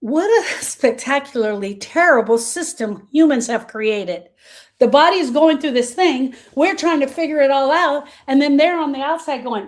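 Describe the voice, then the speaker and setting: A woman's voice: sits high, expressive, moderate pace. Emphatic woman grief coach. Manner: emphatic and repetitive, swinging between soft and loud; addresses listeners as "girl". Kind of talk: motivational talk to viewers.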